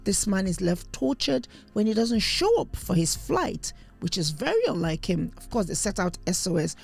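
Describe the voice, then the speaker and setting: A woman's voice: medium pitch, very animated, moderate pace, vocal fry, slightly rough, faint music behind. A woman co-hosting a podcast, telling news stories in a rambling casual chat with many restarts. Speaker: podcast co-host.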